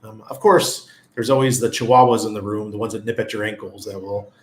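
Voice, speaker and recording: A man's voice: fairly low pitch, steady tone, fairly quick, roomy sound. Chatty laughing man hosting a livestream. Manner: chatty, laughs often, greets viewers by name. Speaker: livestream host. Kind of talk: casual livestream chat.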